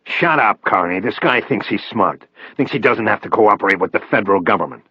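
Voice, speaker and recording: A man voicing a menacing male federal agent who taunts and threatens in a deep, husky voice. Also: animated, fairly quick, no room sound, highs cut off.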